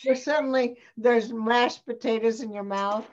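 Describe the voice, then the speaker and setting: Brisk woman coaching over a dull call. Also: a little high, steady tone. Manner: brisk, directive. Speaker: acting teacher. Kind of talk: coaching a class. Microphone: video call.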